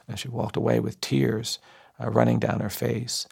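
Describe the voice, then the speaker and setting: Gravelly husky male storyteller. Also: mid-range voice, flat delivery, moderate pace, darkish tone. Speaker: civil rights lawyer. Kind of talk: storytelling speech.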